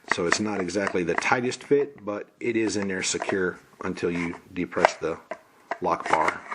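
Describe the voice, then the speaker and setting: Low-voiced man unboxing a pistol. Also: heavy background noise. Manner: plain, matter-of-fact listing of parts. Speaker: gun reviewer. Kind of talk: casual unboxing walkthrough.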